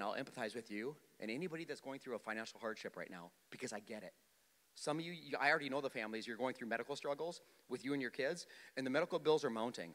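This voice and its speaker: Male pastor, mid-pitched, preaching in a reverberant hall; punchy emphasis alternating with hushed storytelling, frequent restarts. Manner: swings from loud emphatic points to quiet subdued storytelling; repeats words, restarts, addresses the congregation directly. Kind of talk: sermon.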